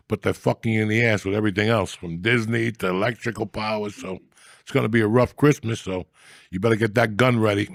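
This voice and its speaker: A middle-aged man hosting a podcast, talking in a rambling, profane, mock-gruff comic style. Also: lowish voice, no room sound, clean studio sound. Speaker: podcast host. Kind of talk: casual comedic rant.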